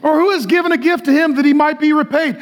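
A middle-aged man preaching to a large congregation, excitable and joking, often yelling as he talks. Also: extremely high pitch, fast. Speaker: pastor. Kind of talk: energetic shouted sermon. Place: large church auditorium with a live congregation.

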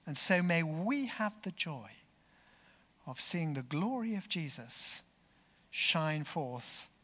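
A man preaching a sermon, telling a story in an earnest, unhurried way. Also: fairly high pitch, very animated, pushed and bright, long reverb tail.

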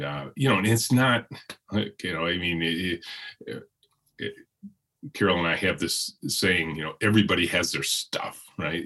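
A middle-aged man, hoarse today, speaking as an interview guest in a reflective, rambling way with many restarts and fillers. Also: low voice, a bit bright.

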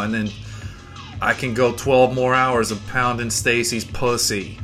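Podcast host, male, bright forceful tone, rambling profane comic monologue, faint music under the voice. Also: medium pitch, steady tone, normal speed. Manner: profane, rambling, mock-boastful. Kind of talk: comedic rant monologue.

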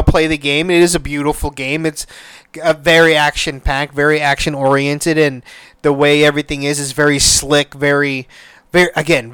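A man's voice: fairly high pitch, a bit bright, smooth, no echo. A man hosting a podcast, chatting casually and emotionally, swearing and restarting his sentences often. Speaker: podcast host. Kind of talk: casual solo chat.

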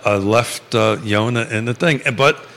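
A man's voice: mid-range voice, normal speed, gravelly, a bit bright, in a large hall. A middle-aged man hosting a live chat show, telling rambling self-mocking stories full of restarts. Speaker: show host.

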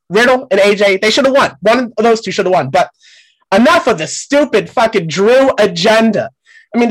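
A loudmouth male wrestling pundit, played by a man, ranting with nonstop profanity. He swings between grumbling and yelling at people off-mic, all in a comic bit. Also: very high-pitched, exaggerated voice, rough recording. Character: brash foul-mouthed male wrestling pundit. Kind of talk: comedic character segment.

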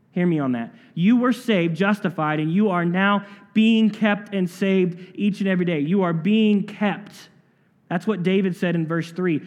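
Pastor guy preaching, kinda high voice, slows way down on the big lines. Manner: earnest preaching, slowing to stress key phrases. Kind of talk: sermon. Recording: long hall reverb.

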